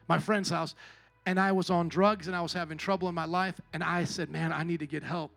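A male pastor delivers a sermon at a church service. His voice sits high and rings bright, dropping into quiet storytelling and then rising to shouted calls to the congregation. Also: fairly even intonation, a little fast, vocal fry, faint music behind. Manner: preaching with big swings between quiet storytelling and shouting.

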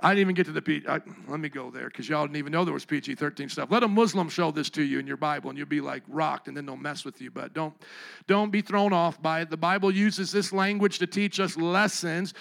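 Gravelly high-voiced preacher. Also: male voice, fast talker. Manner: animated preaching, jokes with the congregation, acts out voices. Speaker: pastor. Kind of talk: sermon.

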